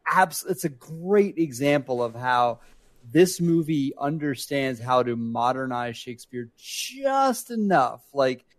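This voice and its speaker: A man's voice: medium pitch, big pitch swings, slow. A man joining a casual movie podcast conversation, agreeing and adding his own points.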